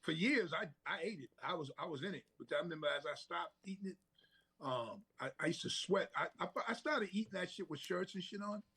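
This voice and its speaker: A man's voice: sits high, animated, fairly quick, pushed and bright, slightly rough. A man co-hosting a casual podcast, telling rambling stories with laughs and restarts. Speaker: podcast co-host. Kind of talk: casual chat.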